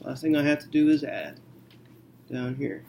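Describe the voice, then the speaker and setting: A man teaching a math lesson, working through a problem slowly and thinking aloud with frequent okays. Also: medium pitch, expressive, a little mellow, a little hiss or hum.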